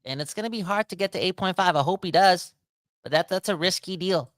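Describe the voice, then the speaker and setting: A man hosting a casual sports podcast, talking in a rambling, animated way that keeps interrupting itself. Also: sits high, brisk, no echo. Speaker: podcast host.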